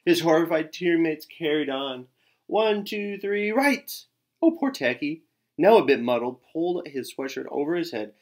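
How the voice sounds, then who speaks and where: A man reading a children's picture book aloud in an expressive way, with gasps and sighs. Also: on the high side, normal speed. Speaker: storyteller.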